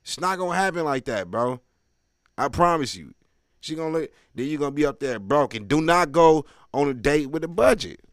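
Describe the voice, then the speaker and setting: Loud animated man doing stand-up. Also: fairly high pitch, moderate pace, dry recording, clean studio sound. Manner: loud, animated, slangy street talk with crowd asides. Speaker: stand-up comedian. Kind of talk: stand-up comedy set.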